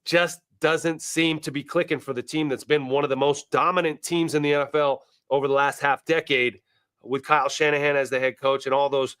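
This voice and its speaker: A man hosting a casual sports show, animated and wisecracking, talking straight to his viewers. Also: medium pitch, clear, resonant tone, no echo, studio quality.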